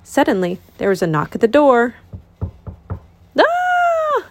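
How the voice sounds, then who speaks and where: A woman reading a children's picture book aloud as host of a reading channel, in an expressive, lilting voice. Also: medium pitch, fairly quick, noisy background.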